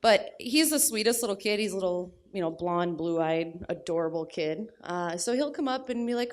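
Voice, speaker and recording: A young adult woman telling a personal story at a live storytelling event, blunt and crude with deadpan humor. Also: on the low side, normal speed, few pauses.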